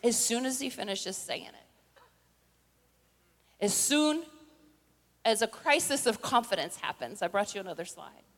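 An older woman preaching a sermon, telling the story with animated acted-out voices and rising to shouted declarations. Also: medium pitch, a little slow, long pauses. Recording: long hall reverb.

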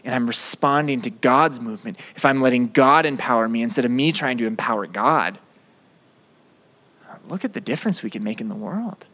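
A young man preaching a sermon as a campus pastor, animated and acting out prayers in quoted voices. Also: medium pitch, a little fast. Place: campus ministry room.

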